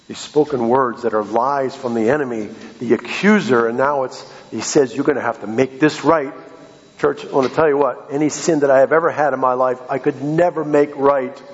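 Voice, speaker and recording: A man preaching a sermon to his congregation as their pastor, swinging from loud, high exhortation down to soft, low tones. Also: long reverb tail, lo-fi sound. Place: church sanctuary.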